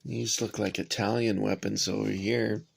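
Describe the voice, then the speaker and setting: A man's voice: fairly low pitch, level tone, moderate pace, creaky, slightly rough. A man casually reviewing a toy gun model for his viewers, rambling with frequent fillers and chatty asides to "guys". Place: cramped home workspace.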